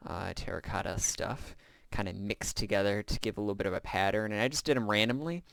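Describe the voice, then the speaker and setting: Low, smooth-voiced man narrating gameplay. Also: no echo. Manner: relaxed and rambling, with frequent "uh" fillers. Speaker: gameplay video host. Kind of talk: casual gameplay commentary.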